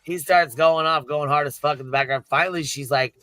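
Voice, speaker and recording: A man's voice: fairly high pitch, fairly even intonation, a little fast, few pauses, sharp tone, soft background music. A man streaming live, retelling a funny clip in casual, profane chat and laughing as he goes. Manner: laughing, swearing storyteller. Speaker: streamer reacting to clips.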